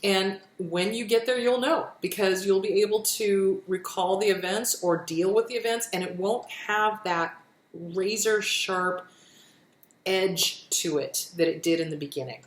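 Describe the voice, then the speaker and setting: A middle-aged woman giving self-help advice in a casual, gentle, reassuring way, often repeating her phrases and answering questions frankly. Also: medium pitch, unhurried. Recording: roomy echo.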